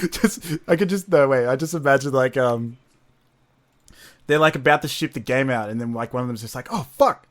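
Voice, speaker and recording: A man's voice: mid-range voice, moderate pace, a bit bright. A man co-hosting a podcast in casual comedic chat, giggling often and telling jokes with animation. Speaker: podcast co-host.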